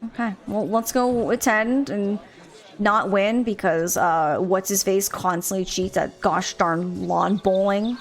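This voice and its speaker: A woman streaming a mystery game, talking casually and at a mid pitch. She reads game text aloud, trips on unfamiliar names, and muses to her chat. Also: slow. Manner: chatty, musing, stumbles over names.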